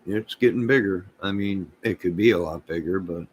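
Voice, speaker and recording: Casting: man vlogging, folksy and rambling, slightly low-pitched. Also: moderate pace, slight background noise. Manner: rambling, folksy, loose and talkative. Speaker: small channel vlogger. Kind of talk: casual vlog chat.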